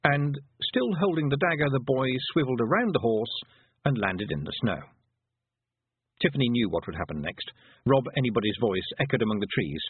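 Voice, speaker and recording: Husky male narrator, tinny phone-like sound. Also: medium pitch, a little fast, dry recording. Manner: expressive, varied delivery. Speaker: audiobook narrator. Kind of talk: storybook narration. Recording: tinny phone-like dry recording.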